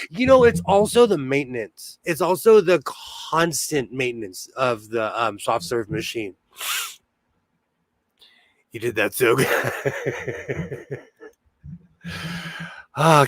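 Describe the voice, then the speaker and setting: A middle-aged man with a sharp, mid-range voice hosts a sewing livestream, chatting casually, laughing often, and answering viewers' comments. The recording is dry with clean studio sound.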